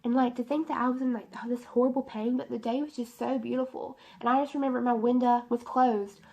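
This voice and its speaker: A woman's voice: a little high, fairly even intonation, brisk, creaky, darkish tone. A young woman telling a personal testimony story in a rambling, emotional way, full of fillers, in her bedroom. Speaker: beauty vlogger.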